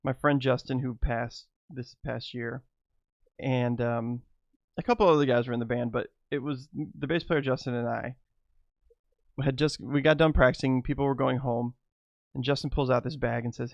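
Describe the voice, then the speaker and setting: A man's voice: medium pitch, steady tone, normal speed, gravelly, no room sound, lo-fi sound. A middle-aged man telling rambling personal stories to his viewers, laughing often between lines. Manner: loose and rambling, many fillers. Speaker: vlogger. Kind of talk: casual storytelling to camera.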